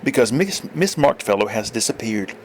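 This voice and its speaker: A man voicing a calm, formal manservant who answers "sir". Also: mid-range voice, normal speed, slight background noise, lightly acted. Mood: composed. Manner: formal, composed. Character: calm, unflustered male manservant.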